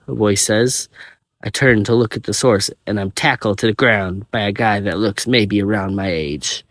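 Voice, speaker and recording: A man narrating a first-person story in a plain, steady reading voice. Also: on the low side, moderate pace, dry recording.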